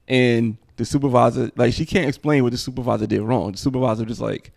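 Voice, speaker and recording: A man's voice: medium pitch, fairly even intonation, fast, gravelly, few pauses, darkish tone, no room sound, clean studio sound. A man hosting a casual commentary livestream, rambling conversationally. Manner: rambling, conversational, frequent "you know what I'm saying". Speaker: livestream host.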